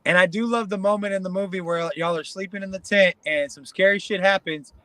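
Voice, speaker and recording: A man's voice: high voice, steady tone, a little fast, fairly bright tone, no room sound. A man interviewing a guest, chatting in a casual, profane, laid-back way.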